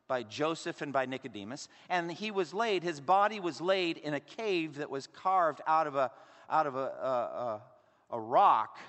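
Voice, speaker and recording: A man preaching a sermon as pastor, varying his volume and pace with dramatic pauses. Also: fairly high pitch, a bit bright. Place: church sanctuary. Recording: long reverb of a large hall.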